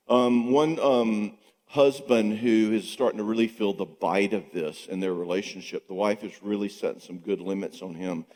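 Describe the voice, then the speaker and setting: A middle-aged man giving a conversational teaching talk at a marriage conference, acting out spouses' lines. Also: fairly low pitch. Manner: animated, acts out spouses' dialogue. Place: church hall. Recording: long reverb in a church hall.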